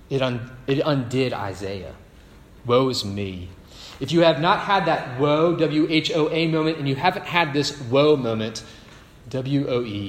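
A male pastor preaching a sermon, telling stories and tossing in rhetorical asides. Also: medium pitch. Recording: echoey hall with faint ambience.

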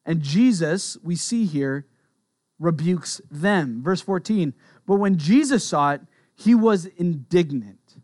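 An earnest male pastor in his thirties or forties delivers a sermon, talking conversationally and slipping into personal asides. His voice sits a little higher than most men's. The sound is close and dry, with no room echo. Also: lively intonation, slow pace, darkish tone.

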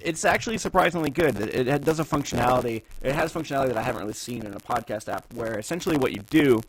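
A man's voice: mid-range voice, animated, racing, breathy edge, no echo, poor audio. A man co-hosting a podcast, chatting casually and laid-back about phones and gadgets. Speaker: podcast co-host. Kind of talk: casual tech chat.

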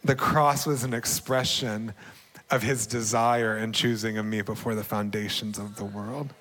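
Earnest young male preacher, warm testimony with frequent light laughs, long hall reverb. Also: fairly low pitch, slow, long pauses. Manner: earnest, laughs often, bursts into excited shouting. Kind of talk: sermon testimony.

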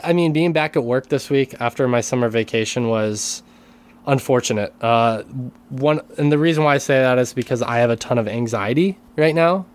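Hesitant male podcast co-host. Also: medium pitch. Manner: hesitant, many restarts, careful hedging. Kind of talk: casual podcast chat.

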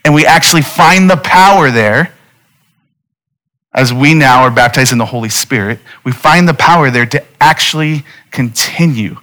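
A man in his thirties preaches a sermon in a mid-pitched voice. He speaks earnestly and conversationally and turns often to his listeners with direct appeals. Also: pushed and bright. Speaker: pastor.

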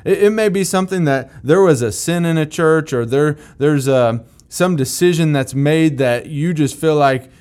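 A man's voice: on the high side, normal speed, few pauses, a little mellow. A man teaching through a Bible passage in a conversational, plain-spoken way. He is emphatic and repeats key phrases to drive them home.

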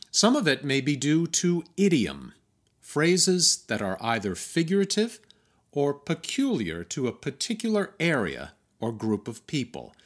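An American man hosting a podcast, reading scripted narration in a measured, wry, emphatic way. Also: mid-range voice. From United States. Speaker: podcast host.

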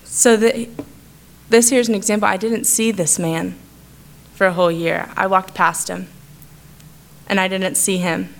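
A young adult woman shares a heartfelt personal testimony with her church, speaking earnestly and conversationally. Her medium-pitched voice is steady and unhurried, with vocal fry and long pauses.

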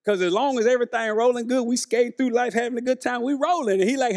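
A man's voice: extremely high pitch, fast, vocal fry, few pauses, darkish tone. A male preacher, delivering a conversational sermon who keeps asking the congregation questions and acting out the quotes.

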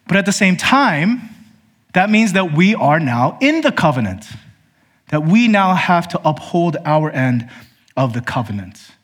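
Emphatic preacher, sweeping high to hushed. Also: male voice, big pitch swings, unhurried. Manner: emphatic, rising to high questions then dropping low and quiet; addresses congregation as brothers and sisters. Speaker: pastor. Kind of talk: sermon.

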